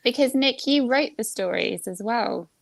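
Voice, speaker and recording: A woman from the Chicago area in a casual group chat, playful and quick to giggle. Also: on the high side, gravelly, a crowd in the background.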